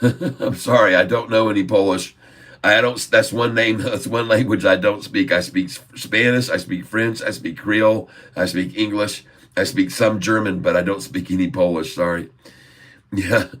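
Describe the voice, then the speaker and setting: A low-voiced man chatting casually on a phone livestream, joking, rambling and laughing often. His voice is picked up from a little way off the phone. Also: steady tone, moderate pace, a bit bright, distant mic. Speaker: livestream host.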